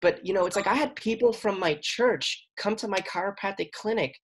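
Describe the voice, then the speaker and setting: A man who works as a chiropractor and facilitator, telling a personal story in an interview in an earnest, expressive way that rambles, acting out the voices he quotes. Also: high-pitched, brisk, breathy edge. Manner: rambling and apologetic about talking a lot.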